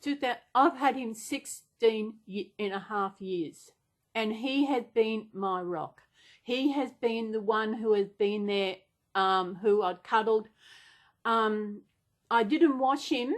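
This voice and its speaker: A woman talking off the cuff to her vlog audience. Her voice sits a little high, and she rambles and gushes, gasping and restarting her sentences. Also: takes it slowly. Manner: rambling, gushing with many gasps and restarts. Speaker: vlogger. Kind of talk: casual unplanned chat.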